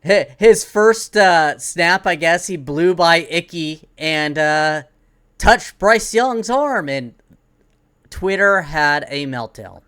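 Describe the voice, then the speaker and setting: Male podcast co-host, slightly high voice, chatty, halting delivery full of "like"s. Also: expressive, a bit bright, clean tone. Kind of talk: casual sports podcast chat.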